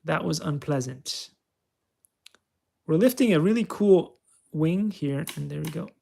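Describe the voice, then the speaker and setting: A man talks himself through a flight simulator in a loose, joking way, coaching and teasing himself as he plays. His voice sits a little higher than most men's and carries a gravelly edge. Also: animated, a little slow, mellow. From California. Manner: chatty, self-mocking, talks to himself while playing. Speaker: channel host. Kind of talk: casual gameplay commentary.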